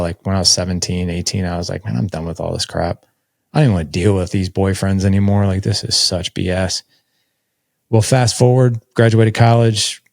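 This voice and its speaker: Candid man with a gravelly, low voice. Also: darkish tone, no room sound, clean studio sound. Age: 40s. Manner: candid, conversational, heavy on filler "like". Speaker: podcast guest. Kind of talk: personal storytelling in an interview.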